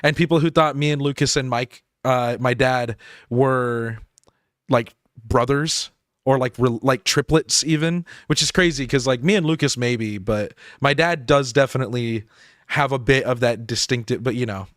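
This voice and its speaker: A young adult man chatting casually on a game stream, rambling with lots of fillers and quick laughs. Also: mid-range voice, no room sound, studio quality. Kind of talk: casual live-stream chat.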